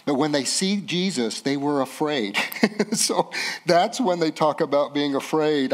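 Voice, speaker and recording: A middle-aged man preaching from the pulpit in a slightly high voice. He builds to soaring, emphatic peaks, then sinks to a hushed, slow, intimate tone. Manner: preaching, swells loud and high at climaxes, drops soft and slow for tender parts. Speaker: pastor. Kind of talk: sermon.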